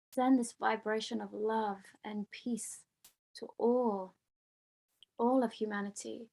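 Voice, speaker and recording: Gravelly woman leading a prayer call. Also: fairly high pitch, darkish tone. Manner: slow, soothing, blessing-like phrasing. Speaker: host of a group prayer call. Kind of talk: guided prayer and meditation.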